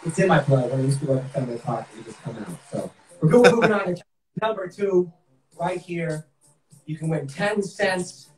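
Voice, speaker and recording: A man's voice: on the high side, expressive, moderate pace, darkish tone, reverberant, far from the mic, low-quality recording. A man with a Boston accent hosting a live-streamed game show, hyped up and talking straight to viewers. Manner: upbeat, hyped, talks to viewers.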